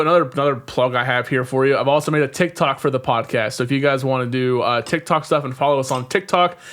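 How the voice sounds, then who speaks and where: A man's voice: mid-range voice, fairly bright tone. Chill guy hosting a podcast, laughs and sighs a lot, easygoing. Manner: laid-back, laughing, sighs. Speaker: podcast host. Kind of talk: casual chat.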